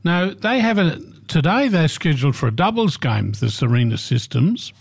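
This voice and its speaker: Blunt, opinionated Aussie man, radio sports co-host, higher voice, dry close sound. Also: sing-song, moderate pace, gravelly, slightly rough, no room sound. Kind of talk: casual sports chat.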